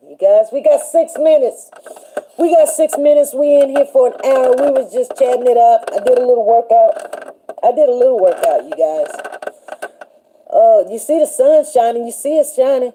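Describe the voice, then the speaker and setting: A woman hosting a casual faith chat on a livestream, animated and chatty, laughing often and greeting viewers by name. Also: on the high side. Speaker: livestream show host.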